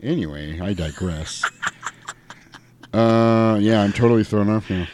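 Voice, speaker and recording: A man's voice: fairly low pitch, a little slow, background noise. A man co-hosting a casual chat, animatedly recapping a movie and acting out its lines with laughter. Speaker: podcast co-host.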